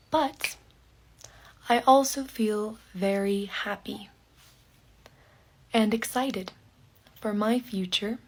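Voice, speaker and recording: A woman telling a personal story in very slow, short phrases for English learners, sometimes dropping to a soft whisper. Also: a little high, a little hiss or hum. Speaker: English teacher.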